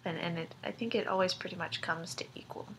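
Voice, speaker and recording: A woman's voice: lowish voice, fast, a bit bright, a little hiss or hum. A young woman vlogging casually to her friends, rambling with many ums and likes and giggling between thoughts. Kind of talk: casual video-letter chat to friends.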